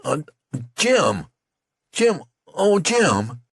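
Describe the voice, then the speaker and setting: A man's voice: on the high side, very animated, very slow, vocal fry, a bit bright, breathy edge, no echo, studio quality, voice pushed up, full character voice. A man voicing a young male soldier who stammers and cries out in anguish over a wounded friend. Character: young male soldier, panicked and grief-stricken.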